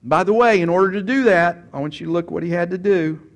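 Animated preaching man, fairly high voice. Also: fast talker. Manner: animated, rises loud for emphasis, then drops quiet; acts out quoted speech, repeats words. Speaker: pastor. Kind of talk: sermon.

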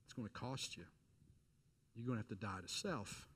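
Animated storytelling male pastor. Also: fairly low pitch, normal speed, breathy edge. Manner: animated storyteller, acts out quoted voices. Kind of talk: sermon with storytelling.

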